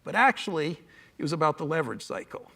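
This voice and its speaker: High-voiced, gravelly male lecturer. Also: sing-song, fast, crowd noise. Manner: conversational, digressive, self-correcting with restarts; dry humorous asides. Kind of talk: public lecture.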